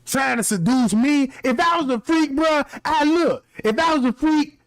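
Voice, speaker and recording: A man with a country-sounding voice hosting a stream, ranting in a brash, profane, animated way. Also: extremely high pitch, moderate pace, no echo. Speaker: livestream host. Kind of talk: casual ranting commentary.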